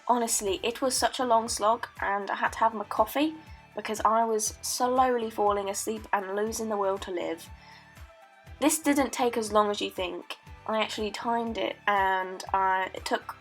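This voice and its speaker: A late-teen woman narrates her painting video in a put-on Australian accent, with a playful mock-documentary tone. Her voice sits fairly high, and soft music hums underneath. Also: normal speed. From Britain. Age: late teens. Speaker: art student. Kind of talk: joking voice-over narration. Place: voice-over recorded at home.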